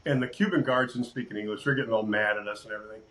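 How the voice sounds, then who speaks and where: An older sportscaster telling lively stories in a casual interview, acting out quotes and laughing often. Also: male voice, on the low side, racing, low-quality recording. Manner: animated storyteller, acts out quotes, laughs often. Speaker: sportscaster guest.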